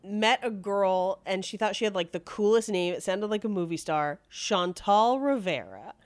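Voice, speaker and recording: A woman's voice: medium pitch, lively intonation, normal speed, no room sound. Chatty woman telling a story, dry sound. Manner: chatty, laughs through the story. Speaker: podcast host. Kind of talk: casual true-crime storytelling.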